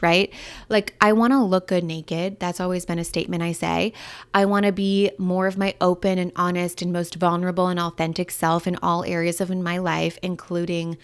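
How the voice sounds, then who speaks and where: A woman's voice: on the low side, level tone, normal speed, clear, resonant tone. A woman in her thirties hosting a solo podcast, chatting in an upbeat, candid way with lots of fillers. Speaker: podcast host and breakup coach. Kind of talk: casual solo podcast talk.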